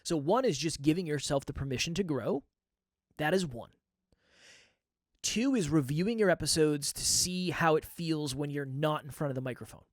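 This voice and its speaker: Speaking close to the mic, a male podcast host reflects candidly on his own show in a coaching manner. His voice sits on the high side, animated and at a moderate pace, with no echo.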